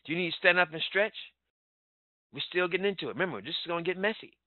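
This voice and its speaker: A man's voice: high voice, animated, fast, dry recording. Emphatic male sales trainer on a tinny line. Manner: emphatic, repetitive, urgent. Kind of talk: motivational business training talk. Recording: tinny phone-like line, dry.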